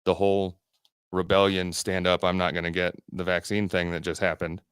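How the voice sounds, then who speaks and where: A man's voice: low voice, flat delivery, moderate pace, fairly bright tone, clear, resonant tone, no echo, clean studio sound. A man co-hosting a podcast in casual chat, blunt and ranting, swearing often. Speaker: podcast co-host.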